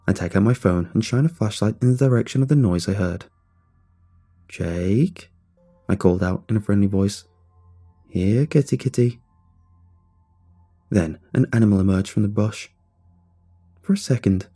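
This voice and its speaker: A man narrating a first-person scary story in a calm, low-key way. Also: breathy edge.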